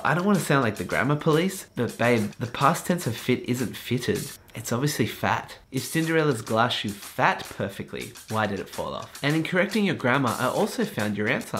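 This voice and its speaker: A man's voice: medium pitch, a bit bright, a little hiss or hum. A man hosting a comedic advice vlog, answering viewer questions in a sarcastic, jokey way.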